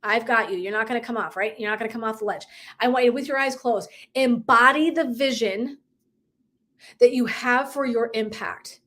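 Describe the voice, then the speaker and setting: On a live motivational broadcast, a woman life coach speaks in a fairly high, fairly bright voice at normal speed. She's emphatic, swears freely, and laughs often while acting out conversations with her listeners.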